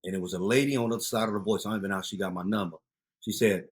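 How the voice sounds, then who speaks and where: A man in his fifties, a youth outreach founder, telling street stories in a casual interview, bursting loud at times. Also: on the low side, racing, husky. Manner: animated street storyteller, loud outbursts.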